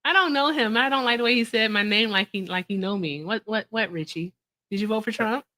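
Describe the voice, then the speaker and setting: This woman hosts a loose, casual chat with guests, and she talks bluntly and pokes fun at them. Her voice sits at a middle pitch, and she pushes back hard whenever she disagrees. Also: a little fast, bright, forceful tone. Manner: blunt, teasing, confrontational. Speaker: host. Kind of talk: casual street interview and reaction chat.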